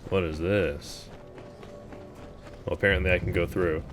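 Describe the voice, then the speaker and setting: A man's voice: sits low, fairly even intonation, measured pace, soft background music. A man streaming a video game, talking through it in a casual, wry, sarcastic way. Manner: wry, sarcastic, laid-back. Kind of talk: casual gameplay commentary.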